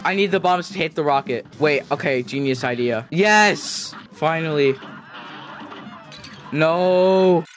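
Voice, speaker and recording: A young man giving excitable, joking commentary while playing a hard video game, yelling when things go wrong. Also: fairly high pitch, slow, slight background noise. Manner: excitable, jokey, yells when losing. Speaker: gaming video host. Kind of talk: gameplay commentary.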